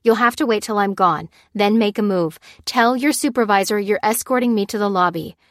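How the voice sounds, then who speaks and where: A woman's voice: medium pitch, fairly quick, fairly bright tone, no room sound, clean studio sound, lightly acted. A woman reading the lines of an urgent, commanding woman who gives firm, clipped warnings.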